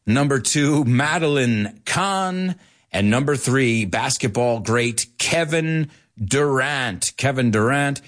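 Lively playful man hosting a show. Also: mid-range voice, slow. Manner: playful, mixes Spanish glosses, laughs often. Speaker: show host teaching English. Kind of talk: casual bilingual radio-style show.

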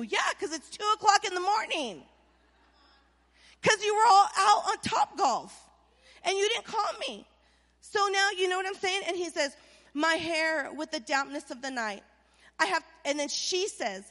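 A woman preaching a sermon in a lively, playful way, speaking straight to her congregation. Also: high-pitched, a little slow, long reverb tail. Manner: animated, playful, addresses the crowd directly.

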